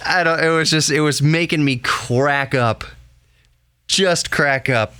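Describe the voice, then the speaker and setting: A man's voice: a little high, measured pace, pushed and bright, clean tone, no room sound. A man in his thirties hosting a solo podcast from home, rambling casually and laughing easily. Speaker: podcast host. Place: home room with laptop running.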